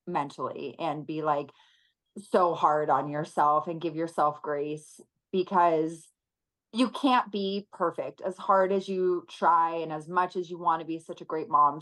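Woman in her 30s, guest on a chat show, earnest and kinda halting, slightly low voice. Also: a bit bright, low-quality recording. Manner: earnest, emotional, halting with fillers. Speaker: podcast guest. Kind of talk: casual interview chat.

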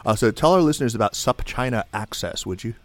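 A man's voice: mid-range voice, animated, fast, no echo. A man hosting a podcast, giving an upbeat, emphatic introduction and chatting with his guests. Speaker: podcast host.

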